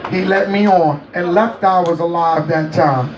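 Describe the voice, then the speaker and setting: A man as an interview guest, telling a story in a casual, animated way, laughing and acting out quotes. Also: fairly high pitch, measured pace, a crowd in the background. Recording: roomy, distant mic, faint noise.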